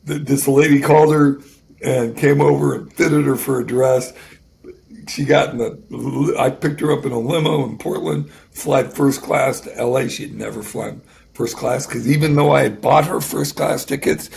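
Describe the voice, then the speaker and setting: A man in his sixties, a guest, telling an emotional personal story in a halting way, often restarting and repeating words. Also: medium pitch, fairly even intonation, gravelly, darkish tone. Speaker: guest musician.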